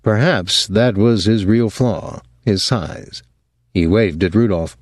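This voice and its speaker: A man narrating an audiobook in a measured, even storytelling voice. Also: lowish voice, no echo, clean studio sound. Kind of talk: scripted narration.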